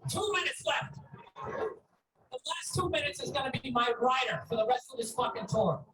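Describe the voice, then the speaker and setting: High-voiced man shouting a comedy rant. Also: lively intonation, normal speed. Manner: shouting, insulting the crowd. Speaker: stand-up comedian. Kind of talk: stand-up rant. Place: outdoor stage before a seated crowd. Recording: echoey, distant live recording with loud noise.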